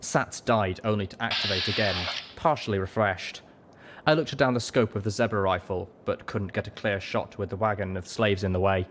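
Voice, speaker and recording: Low-voiced man reading a story aloud. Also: moderate pace, a bit bright, slight background noise. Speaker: audiobook reader. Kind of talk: first-person story narration.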